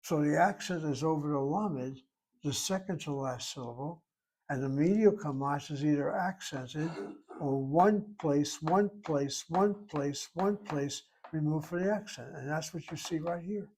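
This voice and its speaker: A man's voice: fairly high pitch, a little slow, a little mellow, breathy edge. Methodical man teaching a grammar lesson. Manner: methodical, talks himself through each step. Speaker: Hebrew teacher.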